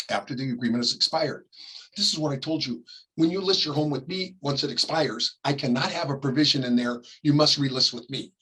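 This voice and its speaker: A middle-aged man from California teaching a class, talking casually and acting out quick examples, often coughing and clearing his throat. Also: medium pitch, a bit bright, poor audio. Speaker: real estate ethics instructor. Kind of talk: classroom lecture.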